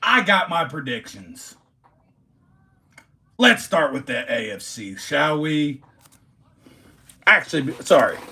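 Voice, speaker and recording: A man hosts a casual livestream. His voice is gravelly and bright, pitched fairly high, and he talks slowly. He is a rowdy sports fan who trash-talks the other team. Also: sing-song. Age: 40s. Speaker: livestream host.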